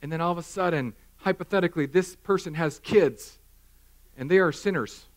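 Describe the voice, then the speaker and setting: A man in his thirties preaching a sermon in a church, animated and self-mocking, acting out little scenes. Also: fairly high pitch, a little fast. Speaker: pastor. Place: church hall.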